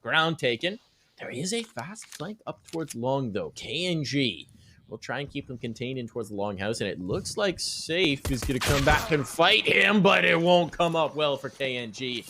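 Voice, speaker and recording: Male esports caster, mid pitch, measured calls, faint background noise. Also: animated, bright, forceful tone. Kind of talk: play-by-play commentary.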